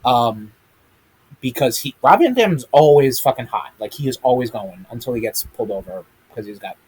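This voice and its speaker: A man's voice: mid-range voice, lively intonation, moderate pace, darkish tone, breathy edge. A man hosting a live-streamed wrestling chat, rambling with many ums and casual swearing. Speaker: podcast host. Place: streaming room with a big chat monitor.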